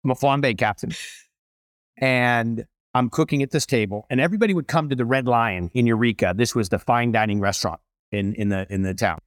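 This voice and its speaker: A middle-aged man, a chef and restaurateur, telling stories as an interview guest in a lively, animated way. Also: mid-range voice, brisk, dry recording, clean studio sound. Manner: animated, acts out voices in stories. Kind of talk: storytelling interview.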